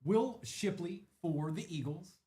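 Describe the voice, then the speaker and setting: A man's voice: sits high, measured pace, warm tone, a little hiss or hum. A man hosting a live card break, chatting casually and rattling off names as he opens packs.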